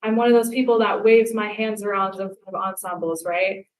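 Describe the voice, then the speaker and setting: Young woman doing animated stand-up, echoey room. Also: medium pitch, brisk. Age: young adult. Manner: animated storytelling, acts out quotes. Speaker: stand-up comedian. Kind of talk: stand-up comedy set. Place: live comedy show stage. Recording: echoey live venue.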